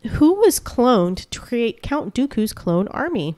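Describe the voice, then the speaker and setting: A woman co-hosting a podcast, reading out trivia questions in casual chat and quickly praising right answers. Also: a little high, big pitch swings, dark tone, no room sound. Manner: reads questions, laughs easily, quick praise. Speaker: podcast co-host reading a quiz.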